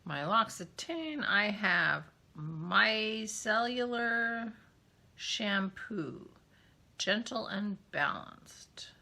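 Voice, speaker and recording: Chatty vlog host, woman, slow and rambling, husky, often slipping into a whisper. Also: medium pitch, expressive, pushed and bright. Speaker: knitting podcast host. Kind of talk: casual vlog chat while unboxing yarn.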